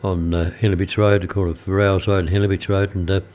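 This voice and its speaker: Older aussie bloke on local radio, lowish voice, chatty and halting, studio mic. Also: male voice, flat delivery, darkish tone. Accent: Australian. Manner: rambling and hesitant, many uhs. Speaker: radio presenter. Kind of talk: casual radio chat.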